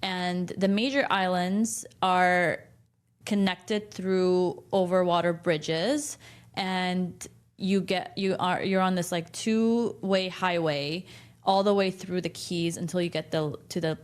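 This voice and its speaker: A woman's voice: on the low side, fairly even intonation, slow, clear, resonant tone. A young adult woman co-hosting a podcast, chatting enthusiastically and giving travel tips. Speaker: podcast co-host. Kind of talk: casual chat.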